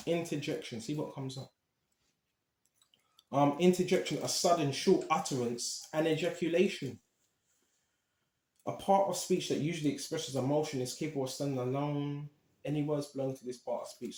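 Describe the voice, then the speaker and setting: A man's voice: on the high side, mellow, echoey room. A man teaching from the Bible in a casual, conversational way, reading verses and often checking in with "right?". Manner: conversational, street slang, keeps asking "right?". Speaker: preacher.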